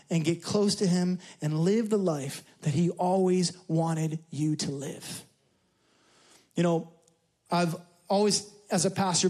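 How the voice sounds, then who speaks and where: A man preaching a sermon as a church pastor, telling stories with animated, rising delivery. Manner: animated storyteller, rising high when excited.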